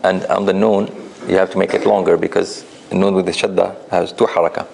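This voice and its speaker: A man's voice: low voice, flat delivery, a little fast, vocal fry, a little hiss or hum. A man teaching a tajweed class, correcting students' recitation with patient explanations. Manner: gentle corrective explanations with light laughs.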